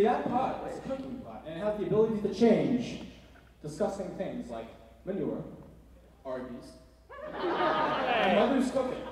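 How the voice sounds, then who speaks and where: A man performing a live comedy magic act on a convention stage, goofy and hyper with sudden bursts of yelling. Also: a little high. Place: large convention hall stage. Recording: echoey hall from far off. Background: loud laughing, cheering crowd.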